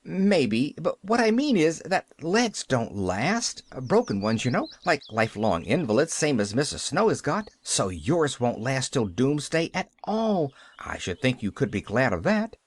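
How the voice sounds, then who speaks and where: A man's voice: medium pitch, big pitch swings, a little slow, few pauses. A man reading an audiobook, voicing a cheerful, chattering eleven-year-old orphan girl who rambles eagerly. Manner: eager, rambling, breathless reasoning. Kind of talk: audiobook character voice.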